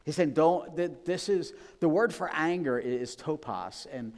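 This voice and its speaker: A man's voice: fairly high pitch, expressive, normal speed, darkish tone. A man preaching a sermon as pastor, casual and storytelling, often laughing and acting out voices. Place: church sanctuary. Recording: long reverb of a church hall.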